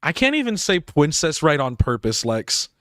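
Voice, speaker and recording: A man's voice: fairly high pitch, very animated, moderate pace, fairly bright tone, no echo, clean studio sound. Rambling young man streamer. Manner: rambling, filler-heavy, laughs often. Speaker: game streamer. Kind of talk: casual live-stream chat.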